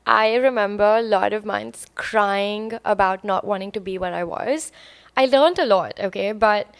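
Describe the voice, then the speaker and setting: A woman's voice: medium pitch, measured pace, vocal fry, smooth, no echo. A woman in her twenties, a podcast guest telling her story in casual, candid chat full of filler words. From India. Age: 20s.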